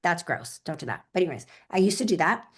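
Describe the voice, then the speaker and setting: Animated woman real estate agent. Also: on the low side, fast, husky. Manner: animated, emphatic, talks straight to listeners. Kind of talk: interview, energetic storytelling.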